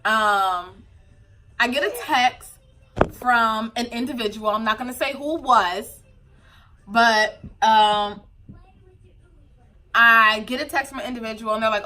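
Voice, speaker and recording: A young woman, a vlogger and new mother, talks to her camera in a casual confessional vlog with a bright, forceful tone and a voice that sits a bit high. She is candid and emotional, tearful at times, and full of fillers. Her pace is unhurried, with long pauses.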